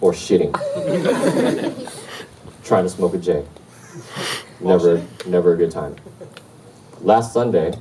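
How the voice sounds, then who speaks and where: A man doing a stand-up set, telling a crude story in a chatty way with asides to the crowd. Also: sits low. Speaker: stand-up comedian. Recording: distant mic with noisy background.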